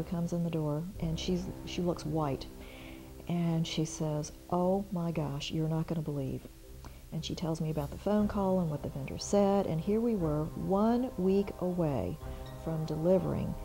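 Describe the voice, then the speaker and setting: A middle-aged woman, a small business owner, telling a personal story in an interview, animated and acting out remembered conversations. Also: low voice, gravelly, poor audio.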